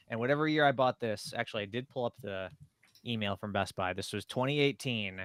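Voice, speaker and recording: Brief: male podcast co-host, mid-pitched, dry close sound, relaxed and rambling. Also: fairly quick, no echo. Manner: rambling, laid-back storytelling. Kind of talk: casual podcast chat.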